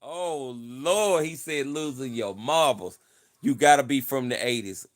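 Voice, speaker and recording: A man's voice: medium pitch, measured pace. A man hosting a casual livestream, talking in a playful, boastful way and repeating his lines over and over. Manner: playful, repeats himself, boastful mock-campaign talk. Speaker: livestream host.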